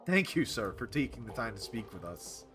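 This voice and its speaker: A man voicing a pushy male TV news reporter with a brisk, bright broadcast delivery. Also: medium pitch, sing-song, soft background music. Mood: upbeat sign-off.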